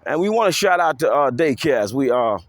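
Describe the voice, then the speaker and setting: A man delivering a rambling, improvised monologue in an animated, preachy way, repeating call-outs and speaking of himself in the third person. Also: mid-range voice, brisk, dry recording. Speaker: self-styled local activist vlogger.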